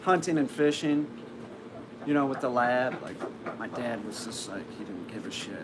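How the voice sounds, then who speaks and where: Guy rambling through an old family story, mid-pitch voice, lots of likes and restarts, noisy background. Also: animated, moderate pace. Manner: rambling, with frequent restarts and fillers. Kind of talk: casual personal anecdote.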